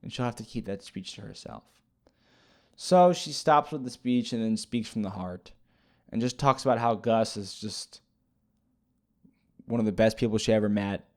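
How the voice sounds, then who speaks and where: A man's voice: fairly low pitch, moderate pace, pauses often. A man casually retelling a movie plot as a reviewer, rambling and hesitant with many fillers and restarts. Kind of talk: casual spoken movie recap.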